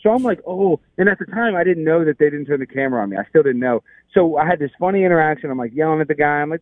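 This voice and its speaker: A man's voice: a little high, expressive, fast, no echo. A man telling a rambling, exasperated story in casual chat, with many restarts. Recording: tinny phone line.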